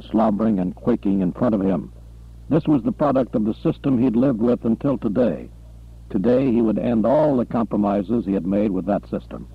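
A man narrating an audiobook in a steady, even storytelling manner. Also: on the low side, moderate pace, creaky, slightly rough, dry recording. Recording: lo-fi tinny recording.

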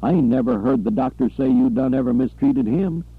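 A man voicing a nervous, pleading male chauffeur who rushes to please, in an audiobook. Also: gravelly, husky, dry recording, phone-quality sound. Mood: anxious pleading. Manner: high, anxious, hurried pleading.

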